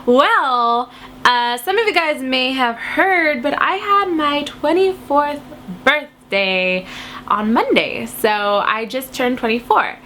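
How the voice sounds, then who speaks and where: A woman's voice: high-pitched, lively intonation, slow, pushed and bright, slight background noise. Playful young woman with a cold. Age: 20s. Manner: silly, playful, chatty with laughs. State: has a cold. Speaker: vlogger answering viewer questions. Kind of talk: casual chat to camera.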